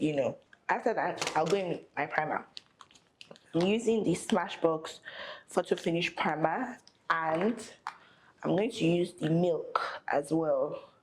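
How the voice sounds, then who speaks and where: A woman's voice: low voice, darkish tone, low-quality recording. A young woman chatting casually while doing her makeup. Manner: chatty, thinking aloud while applying makeup. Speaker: makeup artist vlogger. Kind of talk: casual get-ready-with-me chat.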